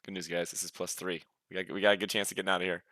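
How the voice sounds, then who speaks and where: A man playing a tabletop game, excitable and prone to bursting into shouts. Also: low-pitched, racing, dry recording.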